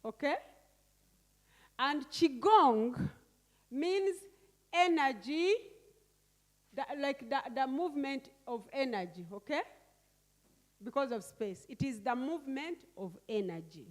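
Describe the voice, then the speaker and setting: Slow, high-voiced woman teaching. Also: lively intonation. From Uganda. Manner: asks the audience questions and repeats key words. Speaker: workshop facilitator. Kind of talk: interactive teaching workshop. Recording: echoey hall.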